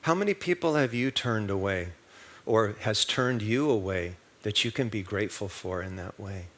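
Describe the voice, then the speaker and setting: A man with a fairly low voice preaching a sermon. He talks in an easy conversational way, tells stories and keeps asking the congregation rhetorical questions. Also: expressive, moderate pace. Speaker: minister. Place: church service.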